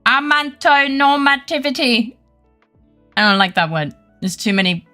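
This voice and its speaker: A woman's voice: fairly low pitch, fairly even intonation, brisk, pushed and bright, soft background music. A young adult woman streaming a game, chatting casually with her live chat; playful and giggly, and she swears freely.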